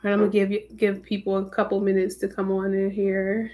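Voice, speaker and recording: A woman's voice: medium pitch, monotone, fairly quick, darkish tone. A woman hosting a live stream, greeting her viewers by name in a casual, chatty way. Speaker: livestream host.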